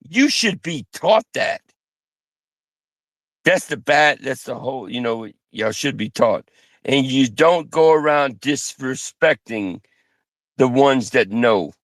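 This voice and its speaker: Slow, furious ranting man. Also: medium pitch, a bit bright, no echo. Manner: grandiose, threatening, swears constantly, slow drawn-out delivery. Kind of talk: angry profane rant.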